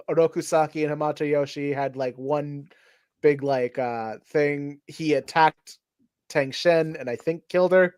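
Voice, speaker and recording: A man's voice: a little high, steady tone, a little slow, a little mellow, smooth, no room sound, studio quality. A man hosting a casual comic review chat, rambling and full of fillers. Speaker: host.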